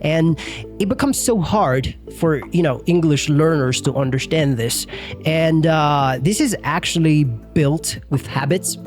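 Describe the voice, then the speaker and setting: A young man runs a laid-back English lesson, rambling with plenty of fillers and an occasional curse. His voice sits a bit high for a man. Soft music plays faintly underneath. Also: measured pace. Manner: chatty, loose, lots of fillers and mild swearing. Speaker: English teacher. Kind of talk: casual video lesson.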